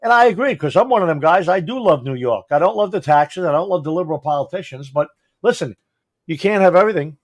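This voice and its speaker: Fast-talking and animated, this man has a fairly high voice. He's a fire chief and podcast co-host who rambles through stories in casual chat, acting out people's quotes.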